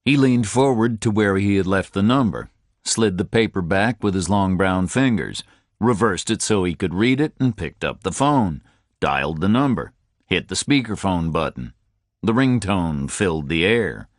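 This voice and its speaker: A man's voice: deep voice, animated, moderate pace, no room sound, clean studio sound. A man narrating a first-person audiobook in terse, clipped sentences.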